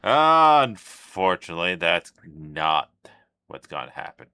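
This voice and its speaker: A man hosting a reaction video who thinks out loud, trails off mid-sentence and cuts in with offhand asides. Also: low voice, big pitch swings, takes it slowly, clear, resonant tone. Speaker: reaction channel host. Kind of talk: casual reaction commentary.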